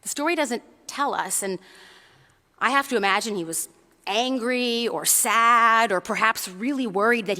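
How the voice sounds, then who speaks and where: A woman's voice: fairly high pitch, bright, forceful tone, in a large hall. A woman preacher giving a conversational sermon in a church. She tells a story and often checks in with the congregation.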